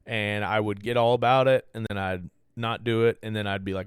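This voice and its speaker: A man's voice: on the low side, steady tone, fairly quick, few pauses, smooth, no room sound, clean studio sound. A man hosting a podcast, talking candidly and a bit rambly about handling anger, swearing freely in casual chat. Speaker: podcast host. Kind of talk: casual self-reflective talk.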